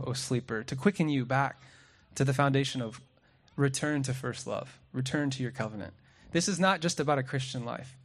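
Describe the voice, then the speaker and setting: A man preaching a sermon outdoors at sunset, lively and joking, often asking the crowd questions and reading scripture aloud. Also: on the high side.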